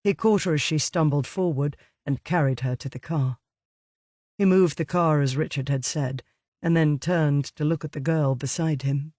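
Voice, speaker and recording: A man reading an audiobook in a measured, even way. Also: fairly high pitch, dry recording, clean studio sound. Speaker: audiobook narrator. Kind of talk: scripted narration.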